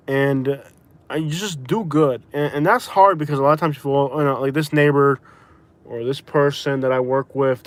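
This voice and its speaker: A man from Florida talks from the driver's seat of a car during a live stream. He rambles loosely, stops and restarts his sentences, and sounds tired from a migraine. His voice sits in an ordinary middle range. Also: medium pitch. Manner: rambling, self-correcting, chatty. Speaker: vlogger. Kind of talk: casual live-stream chat. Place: inside a vehicle.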